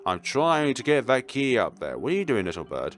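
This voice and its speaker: A man voicing a small, fat, timid bird in a game, chattering and repeating itself in a high squeak. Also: very animated, a little fast, soft background music, natural voice. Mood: chirpy. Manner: squeaky, repeats "chirp" and its own phrases.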